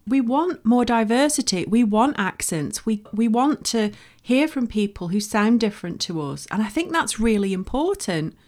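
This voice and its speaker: A woman's voice: a little high, animated, moderate pace, a little mellow. A woman with a Northern English accent from Bolton, hosting a solo podcast and giving frank, emphatic encouragement. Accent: Northern English (Lancashire). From Bolton, northwest England. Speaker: podcast host. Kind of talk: solo podcast advice talk.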